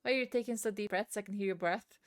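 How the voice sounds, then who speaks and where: A woman's voice: mid-range voice, quick pace. A woman streaming a game from her room at home, ranting in exasperation, swearing and repeating herself. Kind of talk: live-streamed gameplay commentary. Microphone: desk mic at the computer.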